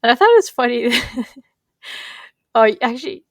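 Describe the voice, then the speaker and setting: Podcast co-host, woman, gravelly, laughs a lot while retelling scenes. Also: fairly high pitch, very animated, normal speed, no echo, clean studio sound. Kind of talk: casual chat recapping a TV episode.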